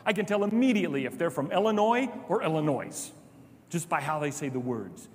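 A male pastor delivers a sermon, swinging from animated retellings to hushed low remarks. His voice sits a little high for a man. The sound carries a long reverb from a large hall. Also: fast talker. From Chicago. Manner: animated storytelling, drops to soft low asides.

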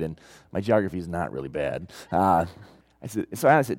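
A middle-aged man, a pastor, preaching a sermon in a storytelling way, moving between loud emphasis and quiet asides. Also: sits low, sing-song, brisk, no echo.

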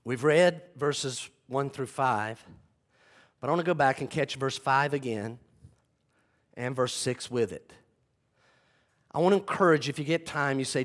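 A man's voice: on the high side, moderate pace. A man preaching a sermon, retelling scenes dramatically and acting out the voices of the people in them. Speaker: pastor.

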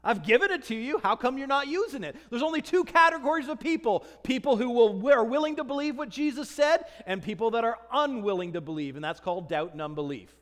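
A man with a very high voice delivers a lively sermon, reading scripture and acting out its voices. His words carry a long reverb, as if recorded in a large church hall. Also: fairly quick, hardly any pauses. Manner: animated preaching, acting out scripture dialogue. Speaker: pastor.

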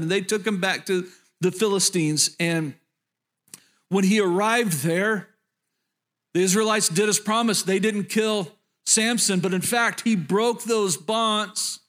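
A man preaching a sermon, retelling a Bible story in an animated, conversational way and speaking directly to the congregation. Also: high voice. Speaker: pastor.

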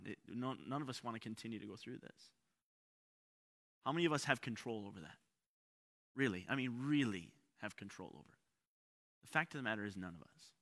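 A man's voice: mid-range voice, pushed and bright. A man pastor preaching a livestreamed sermon, repeating key lines and asking rhetorical questions, building to emphatic peaks. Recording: long hall reverb.

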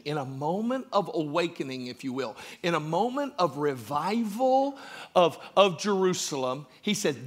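A man preaching a sermon, joking with the congregation and building from quiet asides to shouted emphasis. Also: a little high. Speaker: pastor.

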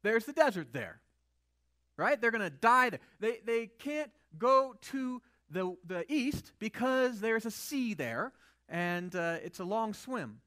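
A man's voice: high-pitched, big pitch swings, slow pace, bright, forceful tone. A male pastor preaching a sermon in a conversational way, often asking the audience rhetorical questions.

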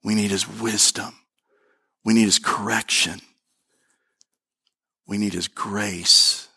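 A middle-aged man, a pastor, preaching a sermon in an animated way, repeating his phrases and talking straight to the congregation. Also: on the low side, takes it slowly, gravelly, long pauses, slightly rough.

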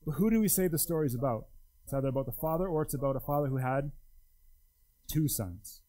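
Man, pastor, sermon, conversational and emphatic, mellow, slightly high voice. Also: expressive, fast, low-quality recording. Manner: conversational, emphatic, wide pitch swings.

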